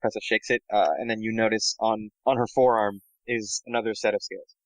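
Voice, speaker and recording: A man playing a tabletop game, describing his character casually with halting fillers. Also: lowish voice, level tone, dry recording, low-quality recording. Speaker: player.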